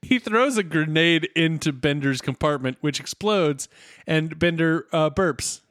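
A man co-hosting a podcast, recapping an episode in playful, animated chat. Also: on the high side, dry recording, studio quality. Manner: animated, playful, quick to laugh. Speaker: podcast co-host.

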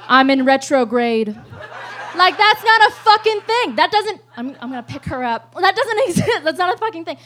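A woman's voice: very high voice, big pitch swings, fairly quick, hardly any pauses, sharp tone. A woman telling a rambling, profane comic story at a live show, laughing often as she goes.

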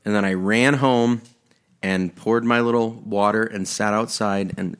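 A young man with a fairly low voice co-hosts a casual chat at home. He tells stories animatedly, slipping into quoted voices for laughs. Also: fairly even intonation, measured pace, fairly bright tone, smooth. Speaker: podcast co-host. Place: room at home.

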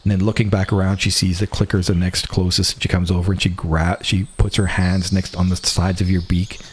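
A man narrating a tabletop game as game master, describing scenes slowly with frequent restarts. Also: deep voice, little pitch movement, slight background noise.

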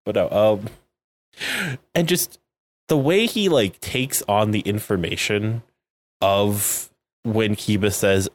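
A man's voice: fairly low pitch, takes it slowly. Jokey laughing male podcast co-host. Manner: jokey, laughs often, acts out characters' lines. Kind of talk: casual chat recapping a show.

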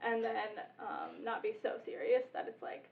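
A woman's voice: fairly high pitch, steady tone, moderate pace, gravelly. Bubbly woman, tabletop player, loose chatty delivery, thin phone-like audio. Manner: giggly, chatty, lots of "like". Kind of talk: casual group chat about a campaign. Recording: tinny, phone-like sound.

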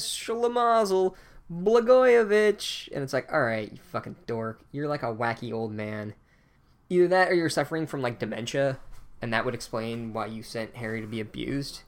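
A man gives a casual comedic recap, sarcastic and deadpan, with plenty of swearing. His voice sits in an ordinary middle range for a man. The delivery stays loose and conversational. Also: mid-range voice, clear, resonant tone.

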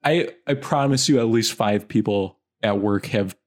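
A man's voice: on the low side, normal speed. A man co-hosting a podcast, chatting casually and joking while reading movie blurbs aloud. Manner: animated, jokey, reads movie blurbs aloud. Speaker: podcast co-host.

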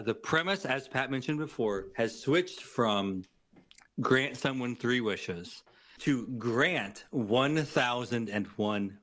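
A man's voice: mid-range voice, a bit bright. A podcast guest in casual conversation, with a mid-range male voice. He weighs his words and delivers his opinions with dry humor. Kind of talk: casual movie review chat.

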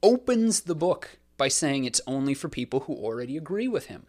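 A man hosting a casual podcast discussion, talking in a sardonic, profane and lively way. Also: medium pitch, brisk. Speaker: podcast host.

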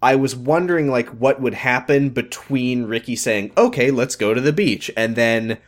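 A man talks through a TV episode with his co-host, animated and profane, and acts out the lines he quotes. His voice sits at a middling pitch and stays conversational. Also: moderate pace. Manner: animated, swears freely, reads out quoted lines. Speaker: podcast co-host. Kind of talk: casual chat recapping a TV episode.

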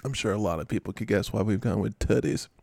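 Gravelly man in a rambling, jokey chat. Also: on the low side, fast, warm tone, no echo. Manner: rambling, jokey, self-mocking. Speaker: podcast host. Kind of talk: casual chat.

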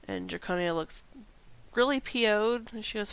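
Gravelly-voiced woman game master. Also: medium pitch, normal speed. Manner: casual, lively storytelling. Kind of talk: narrating a tabletop game.

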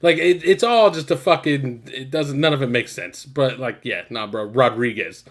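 A man co-hosting a podcast, telling stories in an animated, profane, exasperated way. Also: medium pitch, moderate pace. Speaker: podcast co-host. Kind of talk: casual podcast chat.

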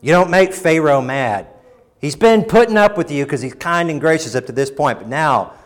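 This sermon comes from a pastor whose voice climbs to emphatic peaks and falls low and soft. Expressive and moderately paced, he sometimes dramatizes quotes in mock voices.

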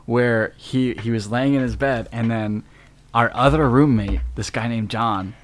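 A man's voice: mid-range voice, measured pace. A young man co-hosting a podcast in casual chat, laughing often and swearing casually. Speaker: podcast co-host.

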